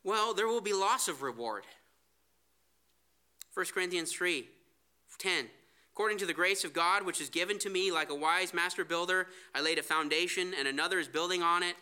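Bright-voiced male preacher. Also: high voice, normal speed, clear, resonant tone. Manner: earnest preaching, reads scripture aloud. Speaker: pastor. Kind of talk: sermon.

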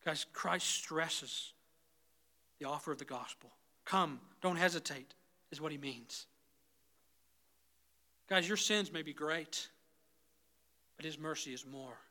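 A man preaching a sermon as pastor, swinging between loud, rising intensity and soft, low pleading, often calling the congregation "guys". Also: slow pace, pauses often. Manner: repeatedly addresses the congregation as "guys".

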